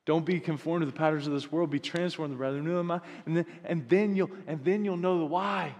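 A man preaching a sermon, earnest, rising to loud emphatic peaks and dropping to soft, hushed passages. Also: on the high side, fairly even intonation, fast. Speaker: pastor. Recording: long hall reverb.

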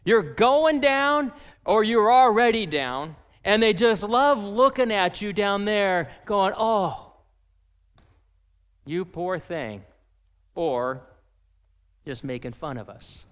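A man preaching a sermon as pastor, animated and acting out the voices of people in his story. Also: high voice, takes it slowly, clean tone, in a large hall.

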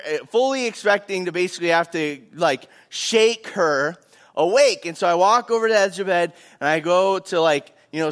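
Young male pastor with a high voice, animated sermon storytelling. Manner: animated, acts out quotes.

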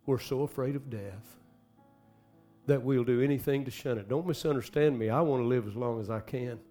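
A man preaching a sermon, swinging dramatically from hushed, slow phrases to loud bursts. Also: mid-range voice. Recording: faint music behind.

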